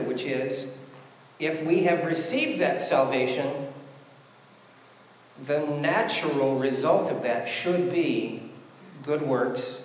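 A man's voice: medium pitch, slight background noise. A man preaching a sermon, conversational, asking rhetorical questions as he works through scripture. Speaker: pastor. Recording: echoey hall with long reverb.

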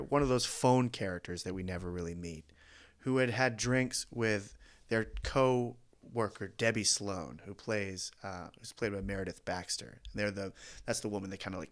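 A man co-hosting a podcast, talking casually and excitedly about a film, laughing often and swearing now and then. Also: fairly low pitch. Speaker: podcast co-host.

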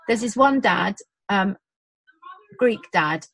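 A woman's voice: mid-range voice, measured pace, husky, dry recording, low-quality recording. A woman with a British accent who works in birth support, chatting casually and acting out quotes as she tells stories. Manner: animated storytelling with acted-out quotes. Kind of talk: casual chat.

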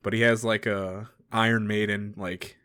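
A man's voice: lowish voice, flat delivery, a little slow, fairly bright tone, clean tone. Laid-back man chiming in. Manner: laid-back, chiming in with short remarks and laughs. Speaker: podcast co-host. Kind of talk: casual chat.

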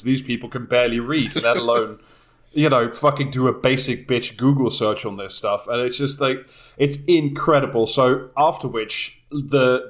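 A man on a podcast, talking loosely, laughing, swearing a lot. His voice sits at an ordinary pitch, with nothing unusual in its tone. He rambles through his points. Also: fairly bright tone. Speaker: podcast co-host. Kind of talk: casual profane banter.

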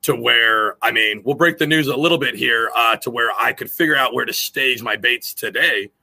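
A man's voice: medium pitch, normal speed, vocal fry, bright, forceful tone. A man guesting on a podcast, chatting casually and loosely about his fishing, full of restarts and fillers. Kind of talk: casual chat.

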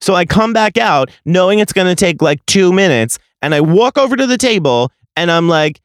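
A man in his late twenties with a slightly high voice rants through a story on his podcast, swearing freely and dripping with sarcasm. His voice is recorded close on a studio mic with a dry, dead sound. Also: animated, moderate pace, clear, resonant tone, dry recording. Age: late 20s. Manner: profane, exasperated ranting with heavy sarcasm. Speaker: podcast host.

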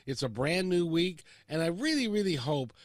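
Male radio host, playful and enthusiastic, fairly high, lively voice. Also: moderate pace, no room sound. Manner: enthusiastic, playful, swoops in pitch. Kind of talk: upbeat morning talk radio.

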